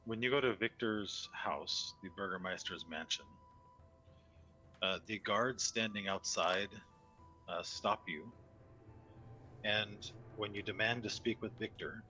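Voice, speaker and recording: A man narrating a tabletop game as game master, unhurried and full of fillers. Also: fairly low pitch, sharp tone, faint music behind.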